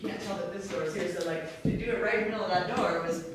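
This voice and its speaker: A woman's voice: fairly low pitch, very fast. Woman tour guide, chatty, filler-heavy, echoey empty rooms, faint background noise. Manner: chatty storyteller, many fillers, laughs easily. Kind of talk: casual guided tour talk. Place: inside an old abandoned hotel.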